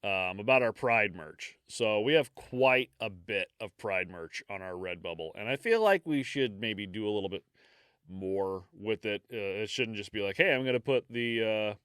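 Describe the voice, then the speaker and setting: Man, low-ish smooth voice, podcast co-host, easygoing and teasing, casual chat, dry close sound. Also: moderate pace, a bit bright, no echo. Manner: teasing, laughs often, easygoing.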